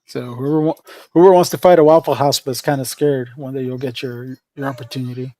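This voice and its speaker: A man's voice: mid-range voice, steady tone, quick pace, dark tone. A man hosting a casual livestream chat, rambling and often restarting his sentences. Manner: rambling, with frequent restarts and fillers. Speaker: livestream host.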